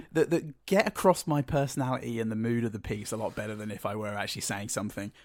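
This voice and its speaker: A man's voice: fairly low pitch, quick pace, darkish tone. A man with a nasal voice, co-hosting a podcast in rambling, casual chat full of ums. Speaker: podcast co-host.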